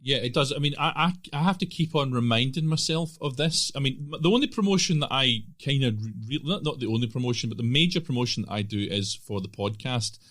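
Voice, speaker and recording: A man's voice: medium pitch, fairly quick, hardly any pauses, a bit bright. A man hosting a podcast interview, talking casually and often stopping and restarting his sentences. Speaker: podcast host.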